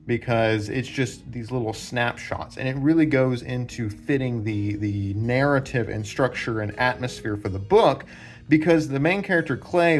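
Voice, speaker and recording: A man hosting a book channel, casually explaining story structure while drawing diagrams, rambling with many fillers and restarts. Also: medium pitch. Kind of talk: casual explanatory talk at a whiteboard.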